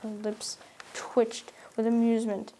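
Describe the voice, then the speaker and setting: Mellow woman narrating a classic novel. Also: a little high, monotone, a little slow. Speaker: audiobook narrator. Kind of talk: scripted narration.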